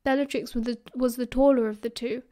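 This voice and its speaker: Young british woman narrating an audiobook, bit high voice, does all the character voices. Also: brisk. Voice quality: reads all parts with lively character voices. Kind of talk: fan audiobook reading.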